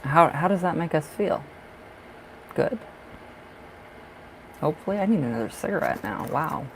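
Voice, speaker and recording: A man doing tarot readings on a live stream, chatting casually and warmly to viewers, calling them darling and love and laughing often. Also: a little high, sing-song, normal speed, vocal fry, a little hiss or hum, rough recording. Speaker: livestream tarot reader.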